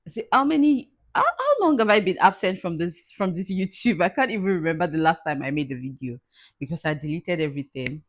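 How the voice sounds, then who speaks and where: A woman with a deep, low voice speaks straight to her viewers in a personal vlog. She talks haltingly and circles back over the same words. At times she is crying as she talks. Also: big pitch swings. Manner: tearful, halting, repeats herself. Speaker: vlogger.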